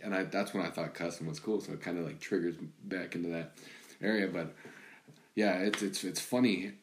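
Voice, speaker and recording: A man's voice: low-pitched, fairly even intonation, fairly quick. A man chatting casually as a podcast co-host, rambling with restarts as he tells jokey family stories. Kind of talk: casual chat. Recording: echoey room.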